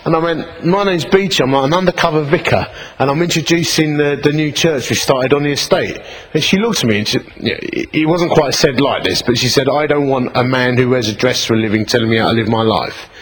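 A middle-aged man, a vicar telling a story in a sermon with lively, self-mocking delivery. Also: mid-range voice, brisk, breathy edge, rough recording. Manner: animated, self-mocking, acts out voices in anecdotes.

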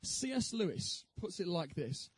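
A man's voice: high-pitched, big pitch swings, measured pace, breathy edge, no room sound, low-quality recording. A man giving an evangelistic talk with his personal testimony, earnest and posing questions to the audience. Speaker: speaker giving a Christian talk.

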